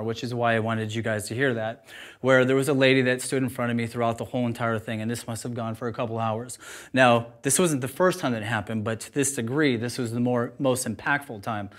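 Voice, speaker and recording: A man who owns a juice bar, talking informally and with energy to a live audience. He is candid and laughs at himself. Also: mid-range voice. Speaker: juice bar owner giving a talk.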